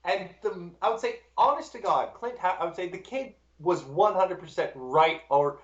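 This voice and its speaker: A podcast co-host in casual chat, animated and wry, with sarcastic asides. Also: medium pitch, normal speed. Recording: roomy, dull lo-fi podcast audio.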